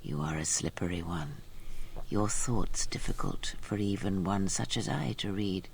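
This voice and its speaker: A whispery old manipulative mentor. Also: female voice, rumbling low, measured pace, a little hiss or hum, full character voice. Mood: probing. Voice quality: whispery, gravelly. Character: old manipulative female mentor, cold and cryptic. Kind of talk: video game dialogue.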